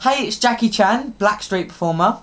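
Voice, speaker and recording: A woman's voice: mid-range voice, expressive. A young woman, co-hosting a casual podcast, bossy and teasing in her banter. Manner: bossy, teasing, quick to laugh. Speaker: podcast co-host.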